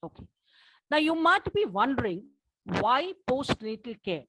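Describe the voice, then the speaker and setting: A woman presenting her research study at a conference, speaking in a measured way and asking for the next slide. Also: sits high, very animated, a bit bright, breathy edge, no room sound, rough recording.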